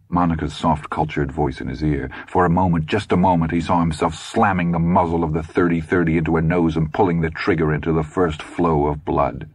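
A man narrating an audiobook in a measured, tense storytelling manner. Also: extremely low pitch, slightly rough, dry recording.

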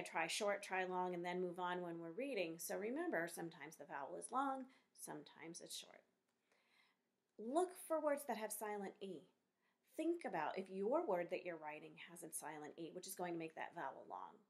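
A woman teacher giving a recorded phonics lesson to young pupils, speaking slowly and encouragingly as she spells out letters and sounds. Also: fairly low pitch.

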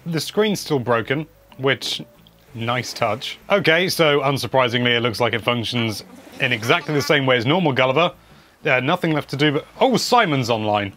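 A man's voice: mid-range voice, fairly bright tone, slight background noise. A man giving casual, wry commentary over gameplay, chatting and humming as he plays. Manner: wry, chatty, hums while playing. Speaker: game video presenter.

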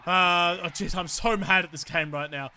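High-voiced Australian man ranting over gameplay. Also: steady tone, normal speed, sharp tone. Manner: ranting and swearing freely at the game. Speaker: gamer playing a football video game. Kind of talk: live gameplay commentary.

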